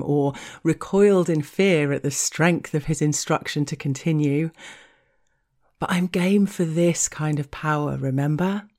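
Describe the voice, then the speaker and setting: A woman's voice: sits low, a little mellow. A woman narrating an explicit first-person story in a frank, wry and teasing way. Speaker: erotic audio storyteller.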